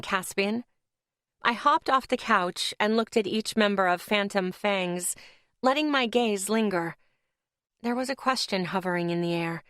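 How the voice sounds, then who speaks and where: A woman reading a first-person fantasy romance audiobook, soft and expressive, at a middle pitch. She is close on a studio mic and the sound is dry, with no room around it. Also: no echo. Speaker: audiobook narrator.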